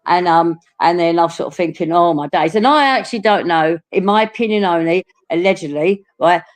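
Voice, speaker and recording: A woman's voice: lowish voice, fairly quick. A woman from England with an Essex accent, chatting casually as a panel guest, laughing often and swearing freely. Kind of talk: casual livestream chat.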